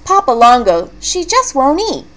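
A woman voicing an earnest young boy in a storybook read-aloud, with a raised childlike pitch. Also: huge pitch swings, measured pace, fairly bright tone, exaggerated voice. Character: earnest young boy worried about his plant.

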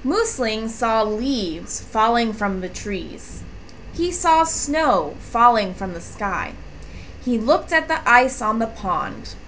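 Woman reader for a kids' storybook, unhurried, bright and animated. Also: a little high, a little hiss or hum. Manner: slow, expressive, clearly articulated. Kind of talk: children's storybook read-aloud.

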